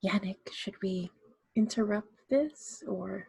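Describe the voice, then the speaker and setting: A woman's voice: medium pitch, animated, a little slow, no room sound, low-quality recording. A woman playing a tabletop game, speaking casually with a wry tone. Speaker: player. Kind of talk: tabletop role-play.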